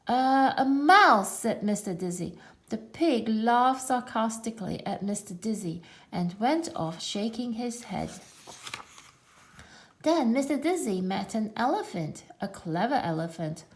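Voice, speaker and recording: A woman reads a picture-book tale with a lively, sing-song voice that rises and dips all the time. There is a gravelly catch at the ends of her phrases. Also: mid-range voice, measured pace. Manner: expressive, playful. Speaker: storyteller. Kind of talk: children's story reading.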